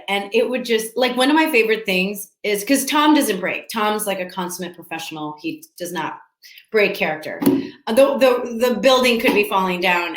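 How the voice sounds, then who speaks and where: An actress answering fan questions at a casual virtual panel from home, talking in a chatty, scattered way with lots of restarts and laughs. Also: female voice, mid-range voice, fairly bright tone. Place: room at home. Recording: echoey room.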